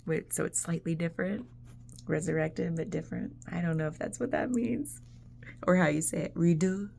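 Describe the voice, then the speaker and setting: A woman's voice: on the low side, moderate pace, vocal fry, darkish tone, a little hiss or hum. A woman vlogger talking in a casual, rambling way, full of "like"s and easy laughs. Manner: rambling, chatty, laughs often, many "like"s. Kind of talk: casual reflective monologue.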